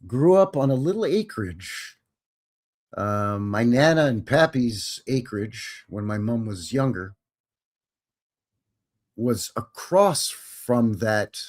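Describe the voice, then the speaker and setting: Folksy, lively-voiced man hosting a stream. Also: fairly low pitch. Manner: rambling, chuckling, folksy. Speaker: live stream host. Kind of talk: casual live stream chat answering viewers.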